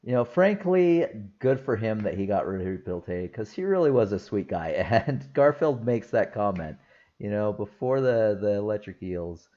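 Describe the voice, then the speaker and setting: A man's voice: lowish voice, lively intonation, moderate pace, warm tone, muffled recording. A man talking casually through a film review, rambling and enthusiastic, with lots of fillers and laughs. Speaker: movie reviewer.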